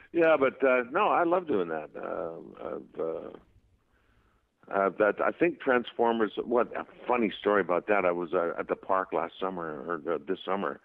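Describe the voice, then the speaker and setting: A man, a voice actor, telling anecdotes in a casual interview, animated and laughing often as he acts out voices. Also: deep voice, unhurried, gravelly. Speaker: voice actor guest. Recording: dull lo-fi podcast audio.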